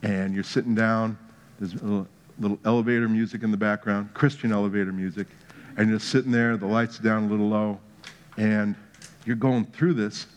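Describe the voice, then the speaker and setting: A man's voice: on the low side, fairly even intonation, normal speed. A man preaching a sermon, telling a playful story with humor that builds to emphatic points. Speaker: pastor.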